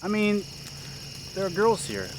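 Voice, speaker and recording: A man playing a blustering young camper and would-be hero in a low-budget horror film, delivering lines stiffly. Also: very animated, measured pace, heavy background noise. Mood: indignant.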